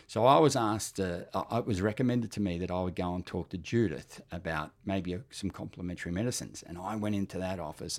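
An Australian man in his fifties talks openly about his own life. His voice sits fairly low, and he speaks earnestly in a halting, candid way, often restarting his sentences. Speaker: cancer patient sharing his story. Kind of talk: personal testimony talk.

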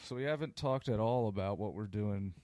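A man's voice: fairly low pitch, a little fast, warm tone, no echo. A man co-hosting a podcast in casual chat, joking and rambling, laughing often. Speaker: podcast co-host.

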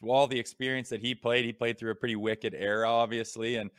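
A man in his thirties, a co-host and former hockey player, chatting casually and telling relaxed stories with some swearing. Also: medium pitch, a little fast, clear, resonant tone, no echo, clean studio sound. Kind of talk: casual podcast chat.

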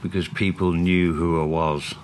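A man's voice: low voice, level tone, normal speed, slight background noise. A middle-aged man, bluntly telling his story with swearing and laughter. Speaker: co-host. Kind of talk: candid conversational podcast.

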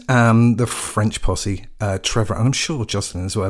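A man's voice: lowish voice, normal speed. A man hosting a live radio music show, chatting casually and reading out messages from listeners. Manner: relaxed, chatty, reads chat messages with small laughs.

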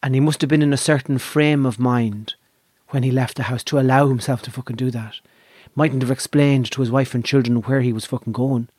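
A man's voice: medium pitch, fairly even intonation, a little fast, a little mellow, breathy edge, no room sound, clean studio sound. An Irish man telling a long anecdote in casual chat, swearing freely as he goes. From Ireland.

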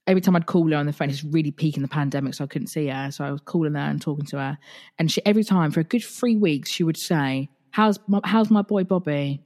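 A woman's voice: sits low, fast talker. A woman, hosting a podcast in casual chat, reading listener stories and retelling her own with laughs. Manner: chatty, laughing, animated retelling. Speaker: podcast host.

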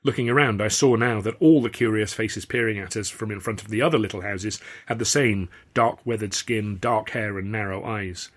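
Man, author reading his story, first-person narration, wry, low-pitched. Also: normal speed, few pauses. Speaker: author and reader.

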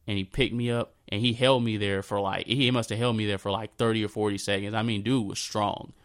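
A man in his thirties recounts a memory in an unscripted monologue. His voice sits low and sounds smooth and clear. He often restarts and repeats phrases, and sometimes drops to a soft murmur. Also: steady tone. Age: 30s. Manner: halting, repeats himself, drifts into a soft low voice. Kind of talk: personal storytelling monologue.

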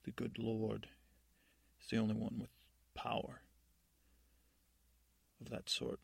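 A man voicing a stern, dutiful male captain of the guard in a bedtime story, gruff and suspicious. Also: fairly low pitch, monotone, takes it slowly, no echo, full character voice.

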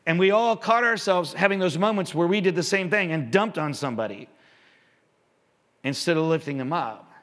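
Speaking at a moderate pace with a fairly high pitch, the pastor animates his sermon with a conversational tone and rhetorical questions aimed at his listeners.

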